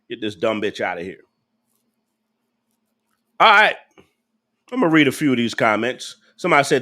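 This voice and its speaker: A man's voice: mid-range voice, bright, forceful tone. A man hosting a live reaction stream, ranting in an angry, preachy and profane way. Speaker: host of a live reaction channel.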